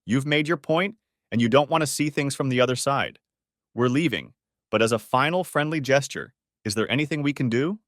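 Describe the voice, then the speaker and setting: A man voicing a calm, conciliatory friend who tries to smooth things over in a storybook reading. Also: mid-range voice, fairly quick, no echo, studio quality, voice pushed up, close to an everyday voice. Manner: soothing, conciliatory.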